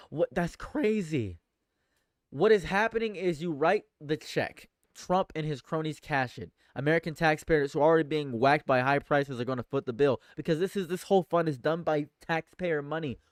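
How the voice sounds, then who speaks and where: A man's voice: on the high side, dry recording, studio quality. A man streaming live political commentary, reading news aloud and reacting with exasperation, often repeating himself and stammering. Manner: exasperated, swings from shouting outrage to muttering; repeats phrases, stammers and restarts.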